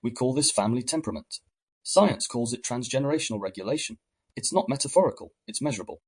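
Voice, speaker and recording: Man, husky, breathy edge, calm measured narration, reflective. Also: medium pitch. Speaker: podcast narrator. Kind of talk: scripted narration.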